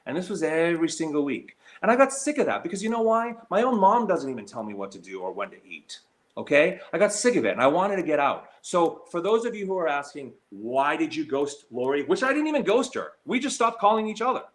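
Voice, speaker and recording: A man's voice: very animated, fairly quick. A man on a live stream, talking in a hurt and heated way, stumbling over fillers and restarts. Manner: mocks others in a shrill high voice when quoting. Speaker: slots streamer. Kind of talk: emotional live stream talk.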